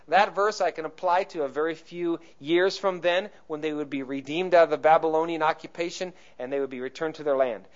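A man's voice: on the high side, fairly even intonation, a little fast, few pauses. A man preaching a sermon as pastor in a conversational way, swelling into emphasis on key points. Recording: muffled lo-fi recording.

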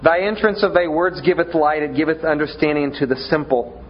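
Male preacher, fairly high voice, stammering restarts, dull lo-fi recording. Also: fairly even intonation, fairly quick, a little hiss or hum. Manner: conversational, stammering restarts, self-deprecating humor. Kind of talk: sermon.

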